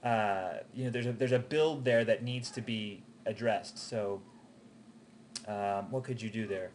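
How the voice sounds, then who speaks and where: A man's voice: fairly low pitch, unhurried, a little mellow, a little hiss or hum. A man giving an animation student casual, encouraging feedback, hesitating with frequent ums and restarts. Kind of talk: casual spoken critique.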